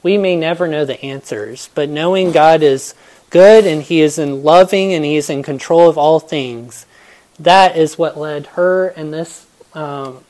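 A woman with a notably low voice gives a devotional Bible talk. She speaks earnestly and reflectively as she tells stories. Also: darkish tone.

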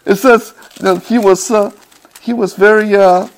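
Slow-speaking male pastor preaching. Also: sits high, fairly even intonation. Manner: slow, halting delivery with repeated words and non-native grammar. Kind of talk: sermon.

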